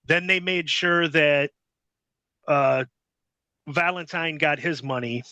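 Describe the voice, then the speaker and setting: A man's voice: fairly high pitch, takes it slowly, sharp tone, no echo. A middle-aged man telling a long casual anecdote as a podcast guest, rambling with many fillers and acting out what others said. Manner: rambling, filler-heavy, acts out quotes.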